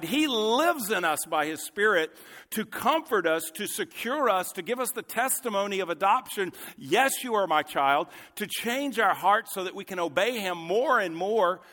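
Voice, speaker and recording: A man's voice: high voice, pushed and bright. Fervent preacher man in a reverberant hall. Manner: earnest preaching, rising to fervent emphasis. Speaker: pastor. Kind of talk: sermon.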